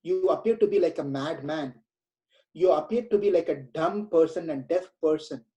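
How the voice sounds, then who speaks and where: A man's voice: a little high, moderate pace, dark tone, dull audio, lightly acted. A man playing an awed pleading king. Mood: awed questioning. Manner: urgent questioning.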